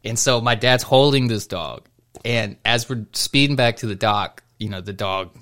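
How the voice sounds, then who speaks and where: A man's voice: medium pitch, normal speed, bright, forceful tone. A young man casually telling a long story on a podcast, rambling with restarts and breaking into laughter. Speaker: podcast co-host.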